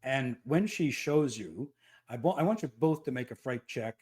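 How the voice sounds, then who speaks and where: A man's voice: medium pitch, animated, normal speed, a little mellow, breathy edge. A man running a tabletop game as game master, talking hesitantly with many fillers.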